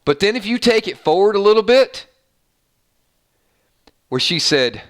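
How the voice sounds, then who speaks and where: A man hosting an online show, giving casual commentary on a TV episode with animated delivery and frequent stammered restarts. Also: high-pitched, unhurried. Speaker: YouTube show host.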